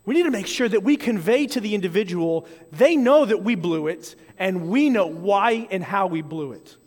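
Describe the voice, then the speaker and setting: A man preaching a sermon to a congregation, earnest and measured, acting out sample apologies and prayers as he goes. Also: high-pitched, lively intonation, a little mellow. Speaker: pastor. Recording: long hall reverb.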